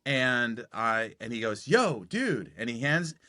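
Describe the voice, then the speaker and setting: A man's voice: mid-range voice, very animated, slow, bright, forceful tone, dry recording, studio quality. A man in his forties telling a personal story on a podcast, acting out the dialogue as he goes. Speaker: podcast guest.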